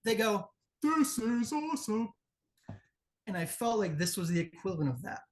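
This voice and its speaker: A man's voice: high voice, quick pace, slight background noise. Blunt, profane male judge. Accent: Midwestern American. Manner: blunt, profane, acts out crowd chants. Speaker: promo competition judge. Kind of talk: candid spoken critique.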